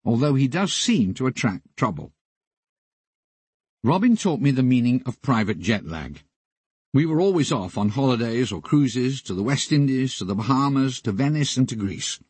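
A man narrating his memoir as an audiobook, with wry, deadpan comic asides. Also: medium pitch, husky, no echo.

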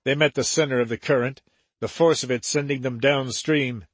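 A man narrating an adventure novel in a measured, steady way. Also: medium pitch, breathy edge, no echo. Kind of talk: audiobook narration.

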